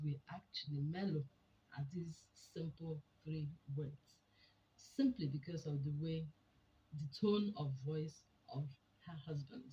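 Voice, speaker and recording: Woman, lowish voice, emphatic teacherly talk, rhetorical questions, dull lo-fi sound, faint hiss. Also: a little mellow. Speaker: relationship speaker. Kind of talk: motivational talk.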